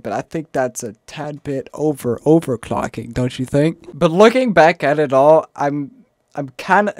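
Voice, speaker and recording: A young man with a slight southern accent, rambling casually in a gaming vlog, often stopping himself mid-sentence and now and then breaking into shrill, panicked yelps. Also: no echo, studio quality. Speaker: streamer.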